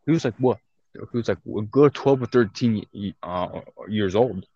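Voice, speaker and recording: Low-voiced swearing young man, lo-fi. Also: normal speed, mellow, slightly rough, no room sound. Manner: rambling storytelling with heavy swearing and restarts. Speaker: podcast co-host. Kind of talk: casual podcast chat. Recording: dull, dry lo-fi recording.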